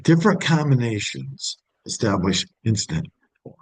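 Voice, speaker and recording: A man's voice: medium pitch, big pitch swings, normal speed, breathy edge, dry recording, low-quality recording. A middle-aged man giving a sales training talk, often acting out upbeat phone greetings to show the right tone.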